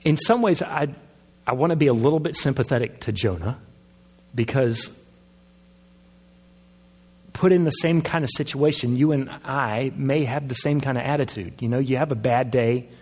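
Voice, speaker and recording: A man's voice: medium pitch, moderate pace, pauses often, darkish tone. A man pastor preaching a sermon in a conversational way, asking his listeners questions. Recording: long hall reverb.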